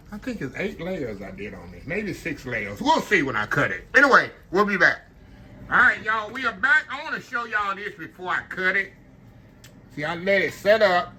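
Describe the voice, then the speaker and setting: Chatty man, bright voice. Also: fairly high pitch, a little hiss or hum. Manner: chatty, talks to viewers as "y'all". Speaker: home cook. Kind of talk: casual cooking vlog.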